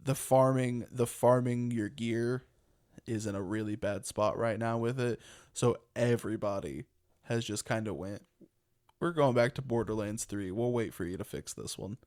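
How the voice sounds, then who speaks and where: A man's voice: mid-range voice, moderate pace, a little mellow. A young man co-hosting a casual podcast, talking in a rambling, chatty way and laughing often. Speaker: podcast co-host.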